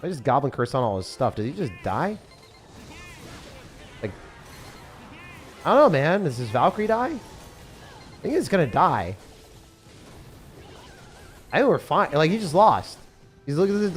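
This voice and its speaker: A young man commentating his own gameplay as a streamer, excitable and sarcastic, mocking what he complains about. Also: a little high, moderate pace, long pauses. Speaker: game streamer. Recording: faint music behind.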